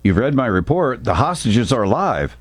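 A man reading the lines of a brash, excitable young army private in a story. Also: medium pitch, normal speed, breathy edge. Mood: earnest. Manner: eager, blurting.

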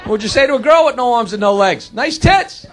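A man doing stand-up, telling crude jokes with brash punchlines and quick put-on voices, in a live club with the audience heard. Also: very high-pitched, expressive, noisy background. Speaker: stand-up comedian. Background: crowd laughter.

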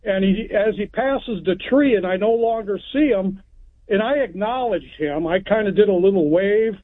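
A man's voice: sits high, moderate pace. A man from Texas calling in to a radio show, telling a long story in a rambling, plainspoken way. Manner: rambling, plainspoken, retells events step by step. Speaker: caller. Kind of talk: phone-in storytelling. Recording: tinny phone line.

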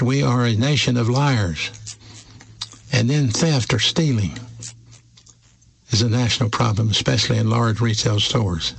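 A man preaching a sermon as a pastor from the United States, slow and emphatic with measured pauses. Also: medium pitch, vocal fry, breathy edge, low-quality recording.

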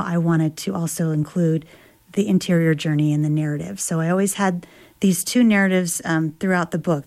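The woman has a lowish voice with a dark tone. She reads from her memoir and then muses on it reflectively, searching for words and filling the gaps with fillers and false starts, as an author and travel writer.

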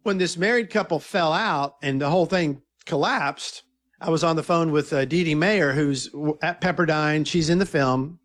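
A man's voice: a little high, moderate pace. A man being interviewed about his film, telling stories in a casual, eager way and often quoting what others said. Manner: animated, eager storyteller who quotes others. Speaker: filmmaker guest.

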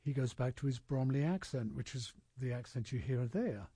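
A man's voice: medium pitch, moderate pace, mellow, husky, dry recording. A man hosting a casual radio talk show with guests, speaking thoughtfully with many fillers and restarts. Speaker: radio host.

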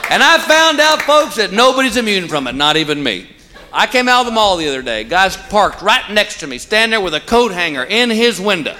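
A man doing a stand-up comedy routine, telling stories and landing punchlines in an animated way. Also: high-pitched, a little fast, slight background noise. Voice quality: animated storyteller, punchline delivery. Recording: live club, loud audience. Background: crowd laughter.

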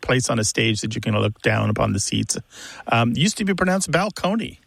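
A man's voice: fairly low pitch, expressive, fairly quick, creaky, a bit bright, no echo. A man co-hosting a radio call-in show, explaining word pronunciation with enthusiasm. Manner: explanatory, enthusiastic about words.

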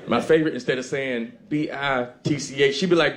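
A male stand-up comedian telling an animated story about his mother, laughing along. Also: mid-range voice, a little fast, few pauses, some chatter behind.

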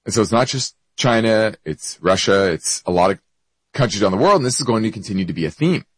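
A man's voice: fairly low pitch, animated, quick pace, husky, dry recording, rough recording. A man hosting an investment show, explaining markets and answering a listener's question, with hiccups and frequent self-corrections.

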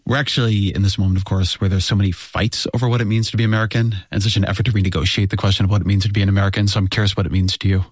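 Deep-voiced man asking measured questions. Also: level tone, no echo, clean studio sound. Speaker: interviewer, host. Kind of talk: thoughtful interview questions.

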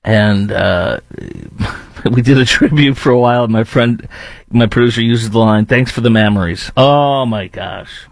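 A man hosting his own podcast, giving animated, mocking commentary and laughing between remarks. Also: mid-range voice, normal speed, no echo. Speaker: podcast host. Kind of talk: opinionated commentary.

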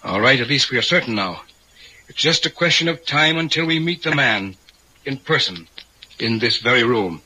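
An actor playing an eager older occult enthusiast in a radio drama, talking in an urgent, commanding way. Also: male voice, mid-range voice, expressive, moderate pace, sharp tone, slight background noise, rough recording. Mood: intent.

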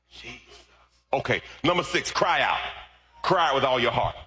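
A man preaching a sermon as pastor, shifting from easy storytelling into loud, shouted preaching. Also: medium pitch, lively intonation, normal speed, pauses often, slightly rough.

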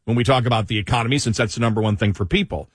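A man's voice: medium pitch, very fast, no echo, studio quality. A man with a Buffalo accent co-hosting a talk radio show, chatting casually and leaning on fillers. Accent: Buffalo, New York. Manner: chatty, leans on fillers, laughs often. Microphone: studio microphone.

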